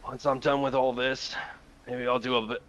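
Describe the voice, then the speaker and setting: A man's voice: medium pitch, flat delivery, normal speed, a bit bright. Dude rping his character, laid back, mid voice, dull mic w light hiss. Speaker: player. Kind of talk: in-character role-play. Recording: dull mic with faint noise.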